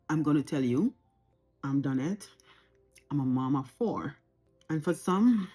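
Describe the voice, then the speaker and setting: Her voice is husky, low-pitched and dark in tone as this Jamaican vlogger in her forties talks to camera at home. The personal, unscripted talk is reflective and earnest, with phrases repeated to drive points home.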